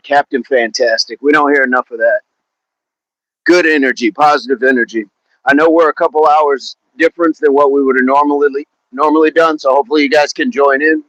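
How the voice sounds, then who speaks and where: A man's voice: a little high, fairly bright tone, dry recording, poor audio. A man coaching a fitness live stream outdoors in a park, chatting casually, upbeat, greeting viewers by name and repeating words. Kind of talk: casual live-stream chat while warming up.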